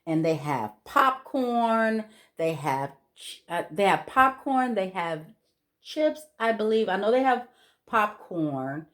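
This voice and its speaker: A woman's voice: medium pitch, lively intonation, takes it slowly. A middle-aged woman from the United States chatting casually in her home kitchen, rambling with many ums and restarts. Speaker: cooking vlogger. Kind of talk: casual kitchen vlog chat.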